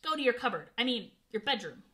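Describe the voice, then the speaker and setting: Blustering bad-tempered man, as a woman reader puts him on, bright voice, storybook. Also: mid-range voice, normal speed, lightly acted. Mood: flustered. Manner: blustering, shouting. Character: blustering angry middle-aged man.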